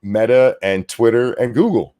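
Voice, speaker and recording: A man hosting a casual political commentary show, ranting sarcastically with lots of swearing and talking fast. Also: mid-range voice. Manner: animated, swearing, sarcastic rants. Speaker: show host.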